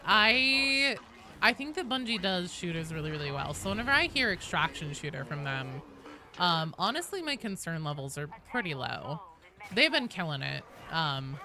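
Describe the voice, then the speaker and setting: A woman in her thirties streams a game and chats casually with her viewers, joking and answering their questions. Her voice is bright and lively, and now and then she breaks into loud, sweary outbursts. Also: sits low.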